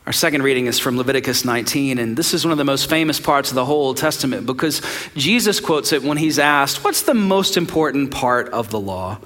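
A man preaching a sermon as pastor, earnest, with slow emphatic phrases that sometimes sink to a soft, quiet delivery. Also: medium pitch, lively intonation.

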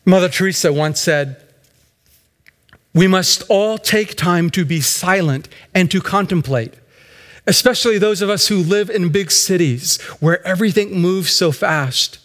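A male pastor giving a slow, reflective sermon that builds in intensity toward the close. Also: sits high, a bit bright, long reverb tail.

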